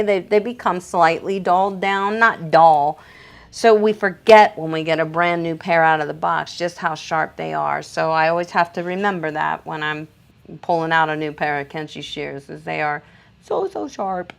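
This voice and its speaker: A middle-aged woman, a professional dog groomer, chatting on a live stream and reading viewer comments in an excitable, gushing way with frequent laughter. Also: lowish voice, creaky.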